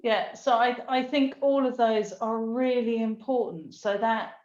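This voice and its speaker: An older woman talking in a heartfelt, emotional, unhurried way during a casual conversation. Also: a little high, darkish tone. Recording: echoey room, dull lo-fi sound.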